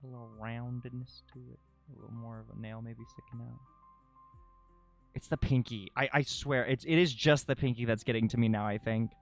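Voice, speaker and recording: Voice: mid-range voice, steady tone, fairly quick, creaky, soft background music. A live streamer chatting casually while drawing, dramatic and self-critical, who swears freely.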